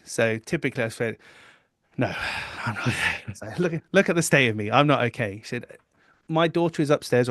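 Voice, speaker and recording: A middle-aged man, a podcast guest, telling a personal story in a candid, animated way. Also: medium pitch, no room sound, studio quality. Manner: candid, animated retelling with quoted inner thoughts.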